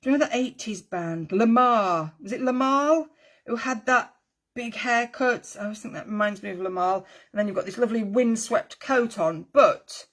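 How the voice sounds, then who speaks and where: A woman's voice: fairly high pitch, moderate pace, fairly bright tone. A woman teaching a craft tutorial in a chatty, friendly way, with rambling asides and frequent ums. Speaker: needle felting teacher.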